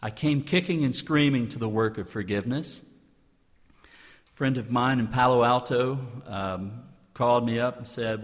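A man's voice: mid-range voice, moderate pace. Earnest male speaker in a reverberant hall. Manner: earnest, builds with rhetorical repetition. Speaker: clergyman giving a public talk. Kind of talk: inspirational public speech.

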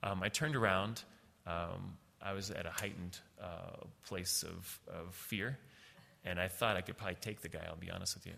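Middle-aged man, gravelly and bright, halting storyteller with a long hall echo. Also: sits low, fairly even intonation. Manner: halting, many fillers and restarts. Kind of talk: personal storytelling.

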